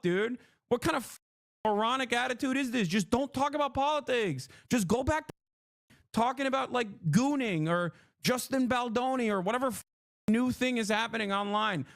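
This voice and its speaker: A man's voice: sits high, no echo. Exasperated ranting streamer man, dry sound. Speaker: political livestreamer. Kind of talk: heated livestream rant. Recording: played clip inside a reaction stream.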